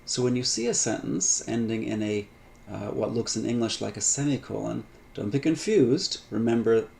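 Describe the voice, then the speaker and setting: A man lecturing on Greek grammar in a relaxed, unscripted way, with many fillers, restarts and light asides. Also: lowish voice, creaky, a little hiss or hum. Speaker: Greek instructor. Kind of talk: recorded lecture.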